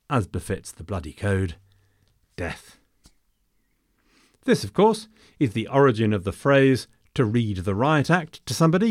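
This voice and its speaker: A man's voice: medium pitch, dry recording, clean studio sound. A man narrating a history episode from a script, dropping in wry, jokey asides.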